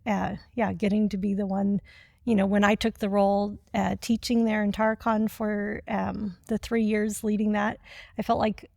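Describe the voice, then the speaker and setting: Female missionary guest, measured and reflective, slight vocal fry, dry close sound. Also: mid-range voice, little pitch movement, a little mellow, no echo. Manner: thoughtful, measured, with many pauses and ums. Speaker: missionary, member care staff. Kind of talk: interview answer.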